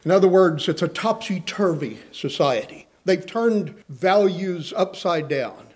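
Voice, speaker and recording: A man's voice: fairly high pitch, normal speed, a little mellow. A man preaching a sermon, earnestly reading scripture aloud and putting questions to his listeners.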